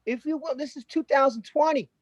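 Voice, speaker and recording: A man's voice: very high-pitched, fairly quick, dry recording, lo-fi sound. A man improvising an anxious, newly engaged boyfriend, placating and stammering over restarts on a video call. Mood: pleading. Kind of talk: improv scene.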